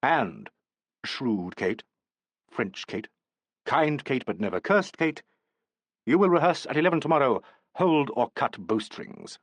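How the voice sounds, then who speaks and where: A man's voice: mid-range voice, expressive, a little slow, pauses often, husky, dry recording. A man reading the part of a commanding, autocratic theatre actor-manager in a brusque tone.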